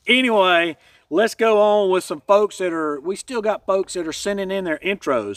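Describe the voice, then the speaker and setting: A folksy man with a high voice hosts a casual trail update, rambling and joking at his own expense. The sound is dry and set back from a distant mic. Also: measured pace, no echo. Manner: folksy, rambling, self-deprecating jokes. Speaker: hiking channel host.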